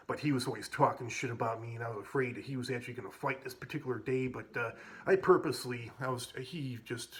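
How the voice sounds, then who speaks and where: A man's voice: medium pitch, fairly bright tone. A man casually telling stories from his school days, rambling with many restarts and plenty of casual swearing. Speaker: vlogger. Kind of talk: casual storytelling.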